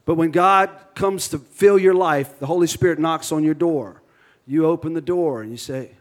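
A pastor with a Cajun accent preaching a sermon with energy, leading the congregation in call-and-response and cracking jokes. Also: male voice, fairly high pitch, steady tone, fairly quick.

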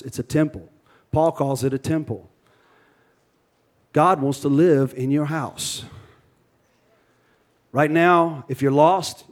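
Cajun pastor guy preaching, fired up, call and response, bit higher voice. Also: a little mellow. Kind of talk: sermon.

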